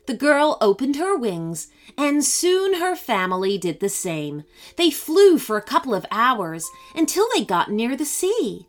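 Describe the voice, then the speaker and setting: A woman narrating a children's story in an expressive, animated way. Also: a little high, a little slow, soft background music.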